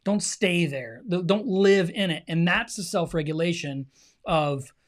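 A man's voice: high voice, a little slow. Earnest middle-aged male podcast co-host. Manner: earnest, opinionated, addresses listeners directly. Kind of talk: casual chat.

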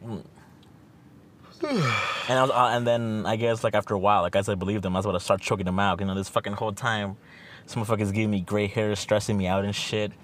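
A man's voice: on the low side, fairly even intonation, fast, a little hiss or hum. A young man telling a rambling trip story in a casual podcast chat, packed with fillers and swearing. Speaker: podcast co-host.

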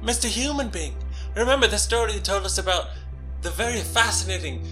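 A tabletop player voicing a pompous, theatrical male alien crewmate with grandiose, drawn-out speech. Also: medium pitch, expressive, bright, forceful tone, soft background music, low-quality recording.

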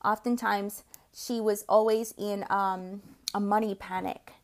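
A woman in her forties hosts a podcast and consults on the side, and here she tells personal stories in a casual monologue. Her medium-pitched voice moves little in pitch and keeps a measured pace. She's chatty, swears casually, and acts out the voices she quotes.

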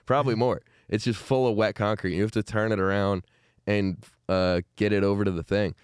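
Young guy, low smooth voice, laid back, swears a lot, dry close mic. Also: steady tone, brisk, no echo. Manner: laid-back, swearing, laughs through his stories. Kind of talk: casual storytelling chat.

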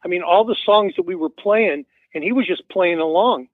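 Over a tinny phone connection on the radio, a man in his seventies spins a meandering story, stumbling through fillers and restarts. His voice sits high, his pace is moderate, and the recording is dry.

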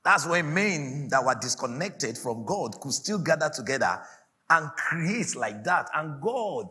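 A man preaching a sermon as a pastor, giving prophetic declarations that swell into shouts about laughing. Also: fairly high pitch, very animated, a little slow. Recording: faint music behind the preaching.

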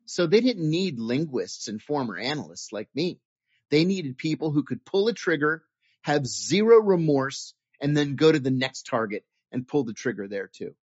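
A former intelligence officer telling stories in an interview, earnest and animated, often restarting his sentences. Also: on the high side, normal speed, husky, no echo. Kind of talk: interview storytelling. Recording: dull dry lo-fi audio.

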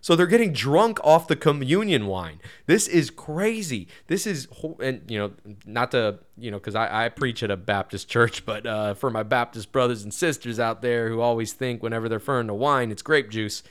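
A man who preaches at a Baptist church gives a casual, earnest Bible lesson. He grows louder and higher when stressing a point. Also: animated, normal speed, few pauses, smooth. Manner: casual and earnest, with frequent "you know" fillers. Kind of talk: conversational Bible teaching.

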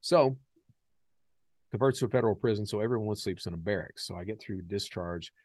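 An American man hosting a podcast, talking casually and candidly with many fillers, growing animated in his stories. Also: lowish voice, a little fast, no room sound, clean studio sound. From United States. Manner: animated when telling stories. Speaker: podcast host.

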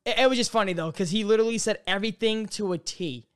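Young male co-host, high smooth voice, rambling storyteller who acts out both sides of a conversation. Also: fast talker, fairly bright tone. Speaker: podcast co-host. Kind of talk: casual chat, storytelling.

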